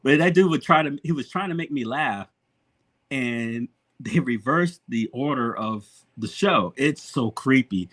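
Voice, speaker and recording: A man's voice: medium pitch, lively intonation, a little slow, fairly bright tone. Man, podcast host, casual storyteller, swears a lot, laughs often, swooping voice.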